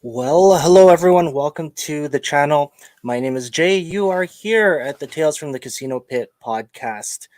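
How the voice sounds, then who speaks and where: A man's voice: on the high side, lively intonation, moderate pace, a little mellow. A man hosting a casual livestreamed podcast, chatting and joking, greeting viewers with plenty of fillers. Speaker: podcast host.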